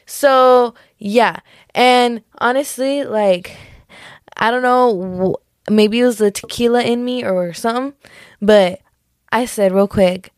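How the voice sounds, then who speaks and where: Captured with studio quality and no room sound, a young woman talks through her solo podcast at a moderate pace in a medium, darkish voice. She rambles and giggles, fixes her own wording, and brushes things off as jokes, dropping lots of "like" and "just kidding."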